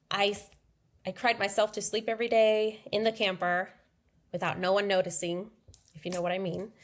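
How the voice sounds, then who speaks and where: Candid woman telling her story. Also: mid-range voice. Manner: candid, acts out quoted dialogue in her story. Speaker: interview guest. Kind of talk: personal storytelling in conversation.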